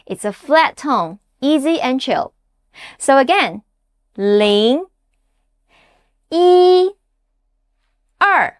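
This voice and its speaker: A woman teaching a scripted language lesson, patient and deliberate, pausing for the listener to repeat after her. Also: high-pitched, a bit bright, no room sound, clean studio sound. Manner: patient, slow drilling with repeat-after-me prompts.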